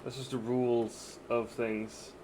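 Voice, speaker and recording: A man's voice: mid-range voice, little pitch movement, slow, warm tone, a little hiss or hum. A man streaming a game live, giving casual commentary with exasperated, swearing outbursts.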